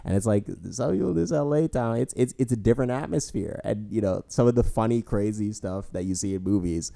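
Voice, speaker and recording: A man's voice: fairly low pitch, brisk, gravelly, mellow, dry recording. A young man co-hosting a podcast, telling stories in a rambling casual way with many fillers. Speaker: podcast co-host. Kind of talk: casual storytelling chat.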